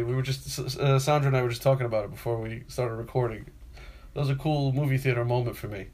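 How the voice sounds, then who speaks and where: A man's voice: medium pitch, fast talker. Rambling New man telling stories. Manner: rambling storyteller, acts out quotes loudly. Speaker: podcast co-host. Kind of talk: casual chat.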